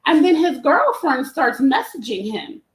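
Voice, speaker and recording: High-pitched woman telling a funny story, lots of laughing, echoey room. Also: a little slow. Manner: animated, laughing, acts out quotes. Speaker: event promoter, guest. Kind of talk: casual storytelling. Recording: roomy echo.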